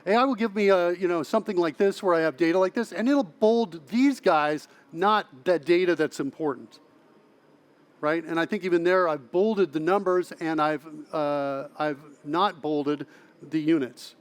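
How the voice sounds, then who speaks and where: A man speaking as a conference presenter, giving a technical talk in a lively way, often checking in with the audience and restarting his phrases. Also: on the high side, normal speed. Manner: lively, asks audience "right?" often, self-correcting restarts. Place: large conference hall.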